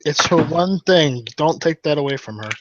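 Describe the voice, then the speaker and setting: A man co-hosting a casual podcast chat, halting and restarting his words. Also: a little high, lively intonation, background noise. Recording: dry, dull lo-fi audio.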